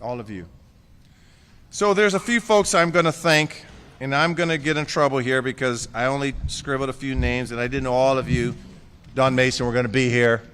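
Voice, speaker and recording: A man's voice: medium pitch, normal speed, a bit bright, long reverb tail, slight background noise. A man giving a concession speech as outgoing mayor. He jokes and thanks people by name with affection.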